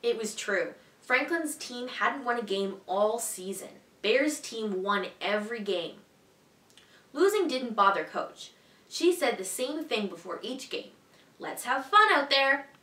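A woman teacher reading a children's picture book aloud in a clear, expressive, evenly paced way. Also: on the high side, unhurried, recorded from a distance. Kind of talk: storybook read-aloud for children. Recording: echoey room, voice a bit off-mic.

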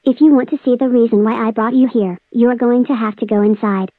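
A woman's voice: on the high side, fairly even intonation, fast talker, slight background noise, close to an everyday voice. A synthetic female voice as a smug scheming cartoon villain. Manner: gloating, taunting, threatening. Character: scheming smug villain who makes a spammy operating system. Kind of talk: text-to-speech cartoon voice. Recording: dry tinny phone-like audio.

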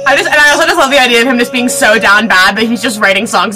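A young woman reacting to a movie in casual commentary, gushing and excitable, often laughing and swearing. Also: a little high, fairly quick, few pauses, music in the background.

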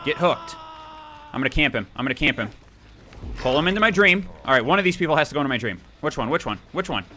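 Young male let's-player, bright and animated, gleefully taunting and yelling. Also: on the high side, racing, a little hiss or hum. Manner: playful taunting, excitable outbursts. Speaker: gaming YouTuber. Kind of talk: let's play commentary.

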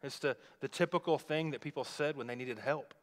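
A pastor preaching a sermon, retelling a scripture story in a conversational, explaining way. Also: male voice, medium pitch, a little fast. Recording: long reverb of a large hall.

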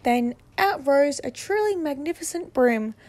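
A woman reading a picture book aloud, with expressive storytelling. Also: high voice, unhurried. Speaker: narrator.

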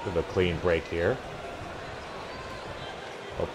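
A man with a lowish voice commentates a video game wrestling match in an excitable play-by-play style. He talks at a slow, drawn-out pace and keeps tripping over restarts. A faint hiss sits behind him. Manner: excitable, with startled exclamations and stumbling restarts.

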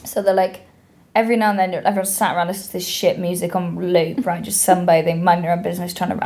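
A woman's voice: lowish voice, warm tone. A woman co-hosting a comedy podcast in casual chat, blunt, sweary and sardonic.

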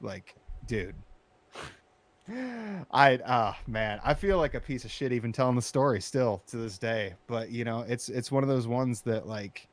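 A man telling a personal story in casual conversation, animated and profane, getting loud as he recounts his frustration. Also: mid-range voice, measured pace. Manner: animated, profane, rising to shouting when recounting anger. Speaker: storyteller in interview.

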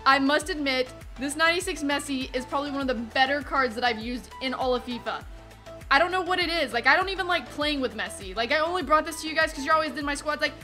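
A young woman hosting a gaming video, giving chatty, excitable casual commentary while she plays. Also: high voice, faint music behind. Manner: chatty, excitable, quick asides.

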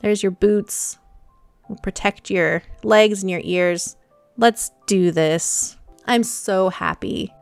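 A young woman gushes through casual gameplay commentary, often breaking off to coo at her animals. Her voice sits at an ordinary middle pitch and sounds close and dry. Soft music plays faintly underneath. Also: no room sound. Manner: gushing, excitable, talks to her animals. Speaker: gaming channel host.

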